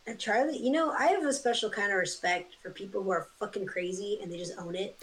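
A woman chatting as a podcast guest, telling animated stories and swearing freely. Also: mid-range voice, fast, slight background noise, low-quality recording. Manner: animated storyteller, swears often. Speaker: guest artist. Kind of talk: casual chat.

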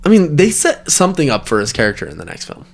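A man's voice: a little high, huge pitch swings, quick pace, gravelly, faint music behind. A man co-hosting a podcast in casual chat, swearing freely and often restarting his sentences. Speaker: podcast co-host.

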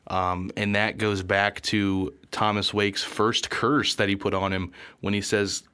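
Man, podcast co-host, lowish smooth voice, excitable and slangy. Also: unhurried. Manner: enthusiastic, slangy, interjects often. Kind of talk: casual film review chat.

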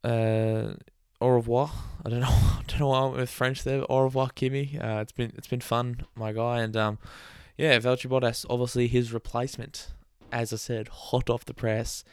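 A man's voice: medium pitch, flat delivery, fairly quick, hardly any pauses, smooth, no room sound, clean studio sound. A man hosting a casual solo podcast, rambling and chatty, with sarcastic asides and laughs at his own jokes. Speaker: podcast host.

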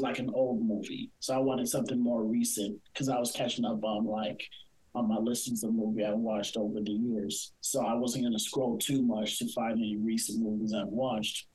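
A man hosts a casual podcast chat about movies. He rambles along, easygoing, with lots of "like" and restarts. His voice sits at a typical middle pitch for a man. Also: poor audio. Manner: relaxed, rambling, many fillers. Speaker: podcast host.

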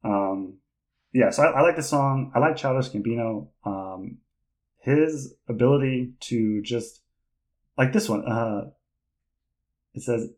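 A man hosting a podcast in casual chat, rambling and hesitant with lots of fillers and restarts, laughing often and getting excited. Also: mid-range voice, takes it slowly, pauses often, low-quality recording. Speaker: podcast host.

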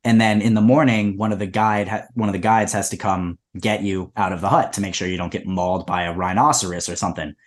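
Young man riffing absurd stories deadpan. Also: low-pitched, quick pace, hardly any pauses. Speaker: podcast co-host. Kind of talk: comedic casual chat.

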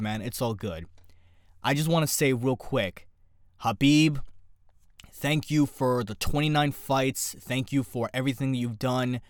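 Young male podcast host, lively and joking, dry close mic. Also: mid-range voice, no room sound. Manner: animated, jokey, talks fast in bursts. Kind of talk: casual solo podcast commentary.

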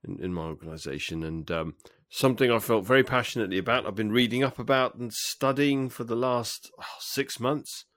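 A man co-hosting a podcast in casual chat, relaxed and playful, with many hesitant ums. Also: medium pitch, fairly quick, few pauses, no room sound, studio quality. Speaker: podcast co-host.

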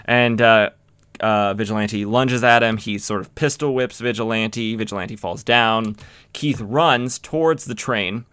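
A man with a bright, forceful voice recaps a comic issue in an easy, rambling way, full of fillers and restarts. His pitch sits a bit low, and the sound is dry and close. Now and then he slips into quick acted-out lines. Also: smooth, no echo. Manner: rambling, many fillers and restarts, acts out quotes. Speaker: comic book podcast host.

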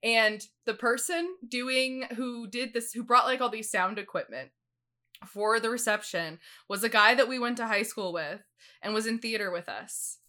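A woman in her twenties co-hosting a podcast, telling animated stories in casual chat and laughing often. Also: on the high side, normal speed. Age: 20s. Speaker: podcast co-host.

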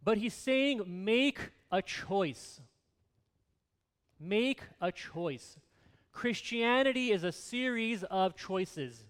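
A man's voice: high-pitched, fairly bright tone, smooth. A man in his thirties preaching a sermon in an earnest, conversational way, repeating key words for emphasis. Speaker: pastor.

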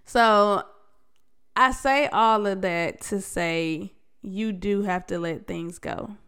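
Slow-paced and medium-pitched, a young woman with a slightly bright, clean tone hosts a casual solo podcast. She sounds congested and talks candidly in slang, frequently starting over mid-thought.

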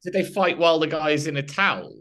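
A man in a relaxed talk who cuts in to ask baffled questions. His voice sits a touch high. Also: a little fast, no echo, clean studio sound, recorded from a distance. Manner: puzzled interjecting questions. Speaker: podcast co-host. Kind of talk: casual chat.

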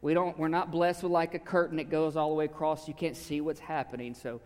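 A man preaching a sermon to a congregation, talking conversationally and swinging from loud emphasis to a hushed near-whisper. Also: a little high, little pitch movement, a little fast. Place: church sanctuary with a live audience. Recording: long hall reverb.

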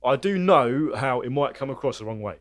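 Defensive guy, lively voice. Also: mid-range voice, brisk, no echo, clean studio sound. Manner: defensive, laid-back, swearing. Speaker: podcast guest. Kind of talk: casual chat.

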